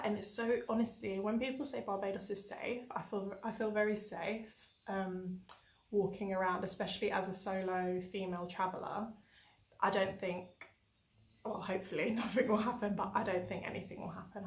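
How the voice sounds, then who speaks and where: A woman's voice: mid-range voice, moderate pace, reverberant. A woman from England chatting casually in a travel diary vlog, telling stories with lots of fillers. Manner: chatty, animated storytelling with many fillers. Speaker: travel vlogger.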